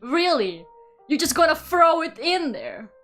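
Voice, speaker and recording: High-voiced young woman streamer, incredulous. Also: sing-song, measured pace, a bit bright, faint music behind. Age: young adult. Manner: incredulous, swears casually, laughs often. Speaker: VTuber streamer. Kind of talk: reading aloud and chatting with viewers.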